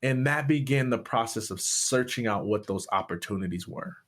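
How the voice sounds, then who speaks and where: A man's voice: mid-range voice, expressive, normal speed, a bit bright. A man from Michigan, a pastor, telling a personal story in an interview with rising passion. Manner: impassioned, voice rising sharply at peaks. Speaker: guest, pastor and speaker.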